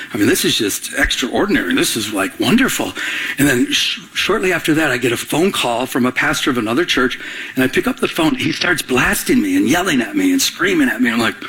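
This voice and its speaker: A man's voice: on the high side, a bit bright, slightly rough, low-quality recording. A man preaching as a pastor, telling stories and asking the congregation call-and-response questions. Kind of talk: sermon.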